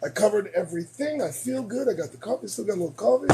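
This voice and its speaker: A man hosting a late-night commentary show, losing his voice, emphatic and preachy, repeating lines for effect and swinging between shouting and muttering. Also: sits high, animated, fast talker, creaky, slight background noise.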